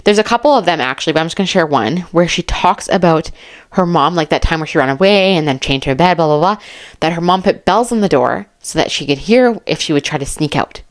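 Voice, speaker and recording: A woman talking casually to her audience about a true crime case, her voice on the lower side. She is chatty and excitable, laughs easily, and reads messages aloud as she goes. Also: a little fast.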